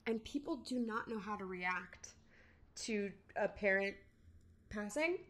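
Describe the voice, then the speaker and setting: A woman speaking as a guest in a podcast interview, reflective and candid, often pausing and restarting. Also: medium pitch, expressive, a bit bright. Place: in-person studio interview.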